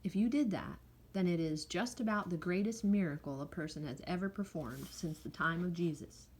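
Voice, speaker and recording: A woman voicing a kind young schoolteacher in a storybook reading, speaking in a soft, measured way. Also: lowish voice, lightly acted. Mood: amazed. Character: gentle young female schoolteacher, kind and patient.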